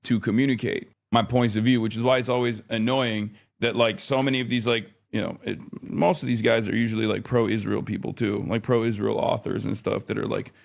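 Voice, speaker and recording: A man's voice: fairly low pitch, flat delivery, fairly quick, vocal fry, few pauses. A man in his thirties chatting casually on a live stream, rambling, often exasperated, swearing now and then.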